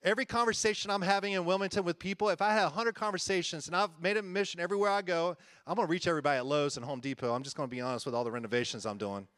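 An earnest male pastor preaching in a loose, conversational way, with a fairly high voice. He talks folksy and sincere, chuckles easily and doubles back on his words. The sound is dry and close. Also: very fast, hardly any pauses, fairly bright tone, no room sound. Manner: earnest and folksy, often chuckling and repeating himself. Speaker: church-planting pastor. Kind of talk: conversational sermon.

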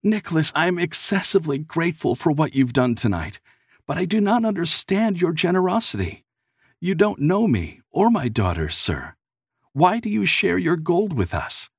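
A man's voice: on the low side, animated, takes it slowly, vocal fry, dark tone, slightly rough, no room sound, studio quality, exaggerated voice. A man doing a tearful, desperate poor father. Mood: bewildered pleading. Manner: choked, quavering voice holding back tears.

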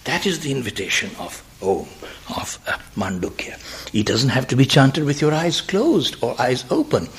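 An older man giving a reflective spiritual lecture, halting and repeating words, sometimes dropping to near whispers. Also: mid-range voice, sing-song. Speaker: speaker. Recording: roomy hall sound.

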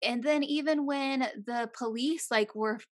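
A young woman in casual chat, retelling a true-crime story with animated voices for the people in it and frequent swearing. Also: high-pitched, moderate pace.

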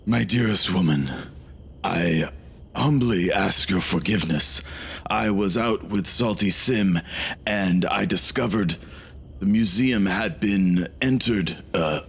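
Earnest holy warrior, voiced by a man, low and unhurried, courtly manners. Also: creaky, husky, exaggerated voice. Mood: contrite. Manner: formal, slow and solemn. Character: pious earnest male paladin, formal and apologetic.

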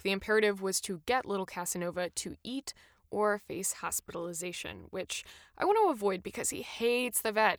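A woman's voice: fairly low pitch, fairly bright tone, no echo, studio quality. A young woman hosting a solo podcast, talking in a chatty, enthusiastic and self-deprecating way. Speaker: podcast host. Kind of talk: casual solo podcast monologue.

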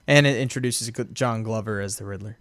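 A man co-hosting a podcast in casual chat, rambling and excited, laughing often. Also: fairly low pitch, a little fast, no room sound. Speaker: podcast co-host.

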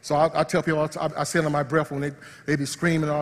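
A man preaching a sermon as pastor, swinging between loud praise and hushed, quiet asides. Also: fairly high pitch, little pitch movement, racing, slight background noise. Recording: long hall reverb.

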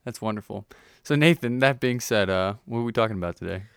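A man's voice: fairly low pitch, quick pace, gravelly, a bit bright, smooth, no echo, clean studio sound. A man hosting a casual podcast, joking with his co-host and reading a listener's email aloud. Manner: jokey, laughs often, reads listener email aloud.

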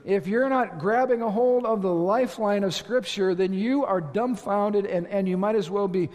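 A man preaching a sermon as pastor, emphatic, repeating phrases and building to loud exclamations. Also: high voice, moderate pace. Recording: long hall reverb.

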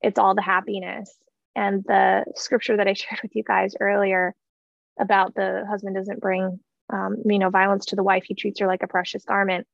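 A woman's voice: medium pitch, little pitch movement, normal speed, vocal fry, no echo, lo-fi sound. A woman in her thirties telling a heartfelt personal story in an earnest way, with many fillers and restarts. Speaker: guest sharing her story.

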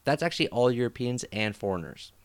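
A man's voice: mid-range voice, expressive, quick pace. A man co-hosting a podcast, joking through casual banter with his friends and laughing often. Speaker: podcast co-host.

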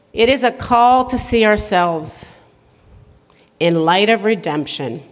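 A middle-aged woman giving a conversational, self-deprecating sermon at a conference, chatty and quick to laugh. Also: on the low side. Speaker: speaker at a women's conference. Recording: long hall reverb.

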